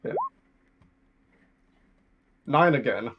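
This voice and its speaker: Slow-talking man on a dull mic. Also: medium pitch, lively intonation, slightly rough. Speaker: player. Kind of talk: casual tabletop game play.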